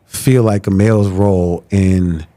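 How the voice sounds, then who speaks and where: A man's voice: sits low, measured pace. A man in his thirties from Chicago, a radio host chatting casually as a podcast guest, acting out quotes as he tells stories. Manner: animated storyteller, acts out quotes. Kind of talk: casual chat.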